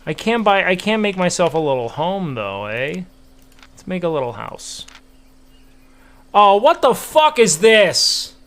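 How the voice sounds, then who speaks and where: A man's voice: high voice, very animated, unhurried, fairly bright tone. A young man streaming a game, chatting to viewers casually with profane, playful trash talk. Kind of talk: casual gameplay commentary.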